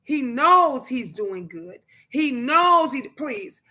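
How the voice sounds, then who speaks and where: Greeting viewers on her livestream, a mother talks casually but forcefully in everyday speech, repeating phrases to hammer her points home. Her voice is high, slow, pushed and bright, with big swings in pitch.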